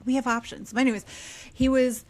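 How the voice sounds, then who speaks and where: A woman in her thirties tells a story as a podcast guest, talking casually. She is animated, and now and then she drops into quieter asides. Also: high-pitched, fairly quick.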